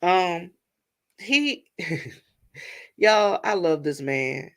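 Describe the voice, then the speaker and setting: Gravelly woman chatting to viewers. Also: fairly low pitch, expressive, drawn-out words, a bit bright. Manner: chatty, rambling, addresses viewers as y'all. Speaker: vlogger. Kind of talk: casual storytelling vent to viewers.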